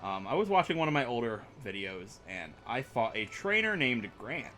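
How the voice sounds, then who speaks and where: A man's voice: medium pitch, big pitch swings, normal speed, sharp tone, soft background music. A young man rambling through let's play commentary, chatty and self-mocking as he plays. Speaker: gaming YouTuber.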